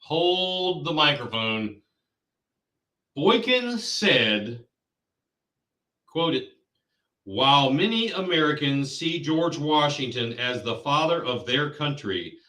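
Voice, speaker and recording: A man's voice: fairly high pitch, sing-song, slow, sharp tone, reverberant, far from the mic, low-quality recording. A man hosting a political show, ranting in angry, insulting commentary. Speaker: podcast host.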